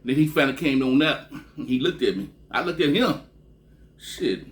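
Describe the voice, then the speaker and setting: Profane rambling storyteller man from Texas. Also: animated. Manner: profane, rambling, ends phrases with a drawn-out low "man". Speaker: vlogger. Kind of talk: casual storytelling monologue.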